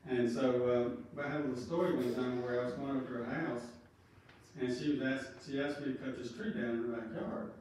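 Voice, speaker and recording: A man's voice: mid-range voice, fairly even intonation, fairly quick, a little mellow, slight background noise. A man giving a rambling, anecdotal eulogy at a funeral home. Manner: rambling, anecdotal, with frequent fillers. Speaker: funeral speaker. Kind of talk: folksy eulogy storytelling. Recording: very echoey room, distant mic.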